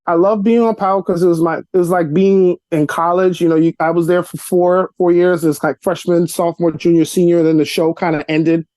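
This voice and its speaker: Over a video call from his cluttered Brooklyn apartment, a young adult actor and comedian tells casual stories as an interview guest. He talks a little fast with few pauses and no echo, animatedly acting out dialogue with his pitch rising.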